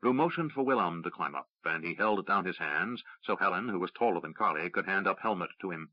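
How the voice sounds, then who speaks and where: A man narrating a fantasy audiobook in a steady, measured reading. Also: low voice, no room sound. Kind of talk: scripted narration. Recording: dry, slightly dull audiobook recording.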